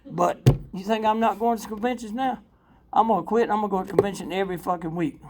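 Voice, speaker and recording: Speaking fast over a faint hiss or hum, an older man with a gravelly, somewhat high voice gives personal recovery testimony at a convention workshop. His talk is candid and full of swearing, rambling with fillers, with frequent laughter and shifts from loud to soft.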